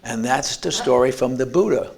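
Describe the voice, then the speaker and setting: A man's voice: mid-range voice, normal speed, vocal fry. A man giving an earnest motivational talk at an expo, telling stories and restarting words. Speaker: speaker. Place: expo lecture room.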